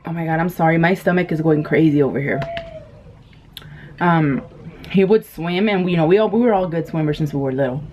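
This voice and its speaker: A woman's voice: low voice, brisk, a little mellow, soft background music. A woman in her thirties telling a story while eating on camera, in casual chat full of fillers and laughs. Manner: chatty, laughs often, many fillers. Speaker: mukbang vlogger. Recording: dull lo-fi camera audio with faint noise.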